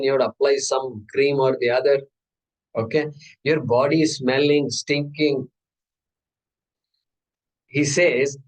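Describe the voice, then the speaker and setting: Male teacher, fairly high voice, relaxed lecturing tone, quizzes the class. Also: rough recording. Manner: conversational teaching, asks the class questions. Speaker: Vedanta teacher.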